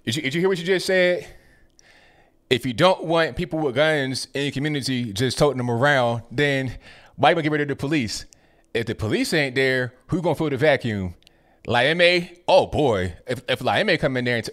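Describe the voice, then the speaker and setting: A man's voice: medium pitch, expressive, a little fast, a bit bright. A man reacting to video clips in casual commentary, sarcastic and full of rhetorical questions.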